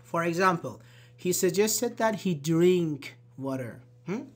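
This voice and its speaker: An online English teacher giving a live grammar lesson, slowly repeating example sentences and answering chat. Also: mid-range voice, lively intonation. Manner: slow, repeats examples, apologizes and laughs at own slips.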